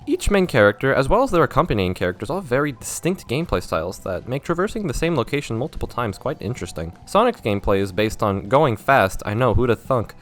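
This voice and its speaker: A man's voice: medium pitch, very animated, quick pace, hardly any pauses. A young man narrating a scripted video essay about a game, sarcastic and self-mocking, with wry asides.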